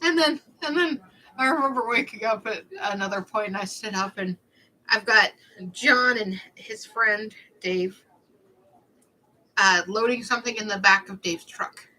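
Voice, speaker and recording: Bright, snarky chatty woman. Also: mid-range voice, unhurried, poor audio. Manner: chatty, rambling, snarky storyteller. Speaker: livestreamer. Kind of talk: casual livestream chat.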